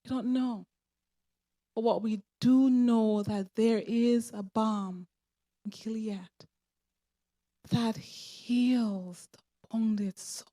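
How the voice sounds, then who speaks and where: A woman leading prayer in church, preaching in a slow, deliberate way. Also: a little high, steady tone, mellow. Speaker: prayer leader. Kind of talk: sermon.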